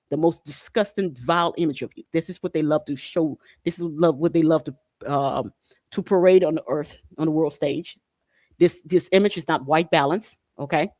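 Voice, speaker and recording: A man's voice: a little high, a little mellow, no echo, clean studio sound. Indignant man ranting on a podcast. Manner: blunt and indignant, swears, repeats himself. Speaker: podcast host. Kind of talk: casual commentary on news articles.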